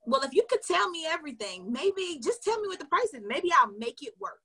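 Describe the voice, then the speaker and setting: A woman voicing a frustrated, suspicious female customer in a retold phone call, a little higher than her own voice. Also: big pitch swings, fairly quick, sharp tone, heavily acted. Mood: hesitant.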